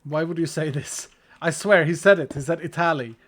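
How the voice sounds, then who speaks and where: A man's voice: a little high, moderate pace, background noise. A man from Sweden with a Swedish accent, chatting casually on a game stream in a playful, rambling way. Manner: rambling, playful, joking tangents. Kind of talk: casual gaming stream chat.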